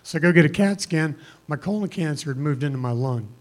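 A man's voice: a little high, lively intonation, brisk. Earnest man giving a church testimony. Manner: earnest, conversational, plain-spoken. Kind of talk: personal testimony to a congregation.

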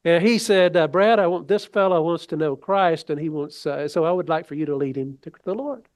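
A man's voice: fairly high pitch, brisk, a little mellow, dry recording. A man preaching a sermon as pastor, in a folksy, rambling way with many restarts.

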